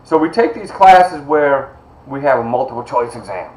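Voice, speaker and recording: A man's voice: medium pitch, animated, moderate pace, a little mellow, reverberant, low-quality recording. A middle-aged man teaching an online college class, speaking in a personal, encouraging way and greeting students by name. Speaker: college instructor. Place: video call from home.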